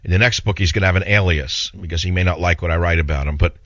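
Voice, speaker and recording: A man's voice: low voice, fast talker, fairly bright tone, no echo. A man hosting a radio talk show, telling stories in a rambling, indignant way and taking calls. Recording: dull lo-fi radio broadcast.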